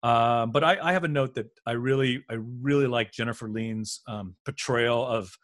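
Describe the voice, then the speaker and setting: A man's voice: mid-range voice, moderate pace, a bit bright. A middle-aged man co-hosting a podcast, chatty and agreeable as he recalls an episode. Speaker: podcast co-host. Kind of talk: casual rewatch discussion.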